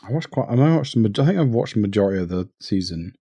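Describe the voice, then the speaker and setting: A man co-hosting a casual podcast in a low-key way, telling corny jokes. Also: animated, rapid-fire, dark tone, husky, dry recording. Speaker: podcast co-host. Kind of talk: casual chat.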